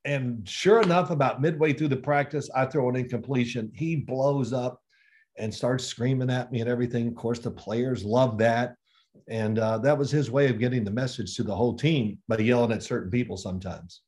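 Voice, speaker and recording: Animated former quarterback telling stories. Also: male voice, mid-range voice, moderate pace. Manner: animated storyteller, acts out quoted exchanges. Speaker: former NFL quarterback guest. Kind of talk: casual interview storytelling.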